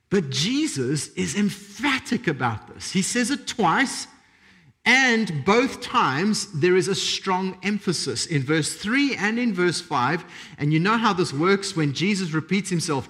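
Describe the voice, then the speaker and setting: A male pastor delivers a sermon, emphatic and repetitive, with dramatic pauses between phrases. His voice is high. His pitch swings widely as he drives each point home. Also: expressive, fairly bright tone.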